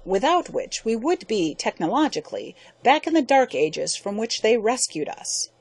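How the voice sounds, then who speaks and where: A woman's voice: fairly high pitch, very animated, moderate pace, no room sound, pitched above the performer's own voice. A woman reading an audiobook, voicing an earnest, loyal young man who answers tightly. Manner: tight, earnest, slightly indignant.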